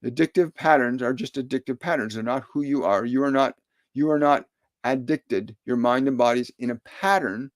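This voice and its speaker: Calm man channeling viewer questions. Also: mid-range voice, no room sound. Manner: calm, repetitive, soothing instructions. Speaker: spiritual medium. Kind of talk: live-stream channeling, answering viewer questions.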